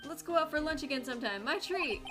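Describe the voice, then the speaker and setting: A hearty, patronizing police chief, as a woman puts him on, pitched up high and brimming with pompous cheer. Loud game music runs behind him. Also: lively intonation, fast talker. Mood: jovial.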